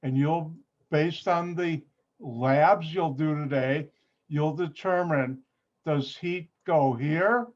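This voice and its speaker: A man teaching an online chemistry lab, unhurried and breaking his sentences up with pauses. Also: fairly high pitch. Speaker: chemistry instructor. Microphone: computer mic on a video call. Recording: dull, muffled video-call audio.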